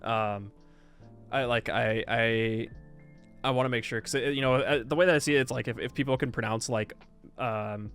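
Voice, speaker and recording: A man's voice: mid-range voice, normal speed, a bit bright, clean tone, faint music behind. A man streaming live, chatting casually and reacting to his chat as he reviews a game patch, rambling and stop-start, sometimes insistent.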